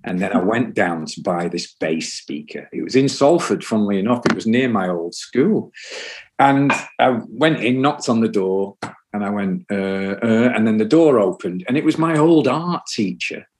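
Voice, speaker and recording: A man's voice: on the low side, animated, normal speed, background noise. A man, a musician guest rambling through anecdotes and swearing freely. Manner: rambling anecdotes, frequent swearing, acts out other people's voices. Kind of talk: casual storytelling interview.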